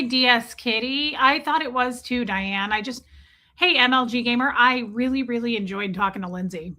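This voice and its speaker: A woman's voice: on the high side, pushed and bright. A woman hosting a casual livestream, chatting and rambling while greeting viewers by name. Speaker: livestream host.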